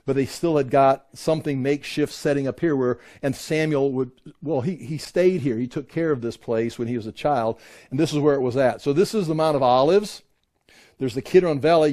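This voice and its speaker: A man's voice: mid-range voice, darkish tone. A middle-aged man teaching a Bible class, pointing out places on photos and restarting his sentences often. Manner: rambling, with many restarts. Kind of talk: classroom lecture with slides.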